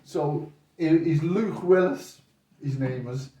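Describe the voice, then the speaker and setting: Recorded with a distant mic in an echoey room, an older boxing coach guest speaks slowly in a voice on the high side. He's off-mic, telling rambling stories casually and animatedly acting out the voices of the characters.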